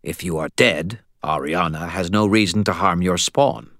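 A man voicing a coolly polite, formal male vampire envoy in an audiobook, measured and speaking in the royal we. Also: low-pitched, a bit bright, dry recording, studio quality. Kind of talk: audiobook character voice.

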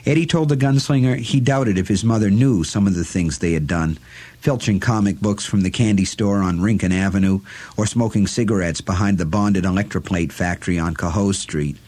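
Male audiobook narrator, lower register, steady and deliberate delivery. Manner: measured, deliberate storytelling.

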